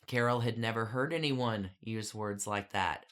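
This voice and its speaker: Low-voiced woman telling a story. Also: measured pace. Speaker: podcast co-host. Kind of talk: casual storytelling.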